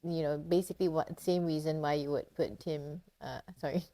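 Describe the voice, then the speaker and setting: A woman's voice: deep voice, fairly even intonation, moderate pace, dark tone. A woman comedian co-hosting a podcast, joking in a dry, teasing way during casual chat.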